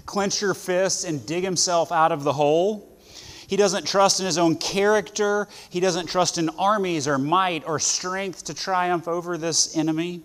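A man preaching a sermon to students, earnest, with loud stresses and soft asides. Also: high-pitched, big-room sound.

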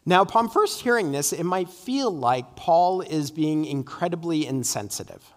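A man's voice: a little high, expressive, normal speed, long reverb tail. A man preaching an earnest, emphatic sermon in a church, often tossing in "right?" asides. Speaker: pastor. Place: church sanctuary.

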